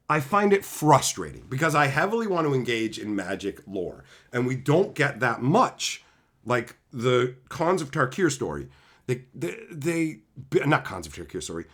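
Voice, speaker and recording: Heated, swearing man with a lively pitch. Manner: heated, sarcastic, swears constantly; mocking voices of imagined critics. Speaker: channel host. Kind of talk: profane opinion rant.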